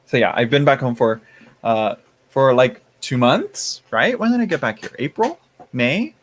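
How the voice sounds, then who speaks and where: A man's voice: mid-range voice, expressive, moderate pace. A man hosting a casual live stream, chatting with viewers, laughing often and reading the chat aloud. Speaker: tarot livestream host.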